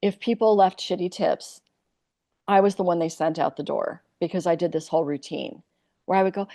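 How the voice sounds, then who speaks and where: A woman's voice: lowish voice, fairly quick, dry recording, studio quality. A woman from Iowa, a comic actress, telling candid stories in a podcast interview and acting out the people in them. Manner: animated, acts out quoted voices.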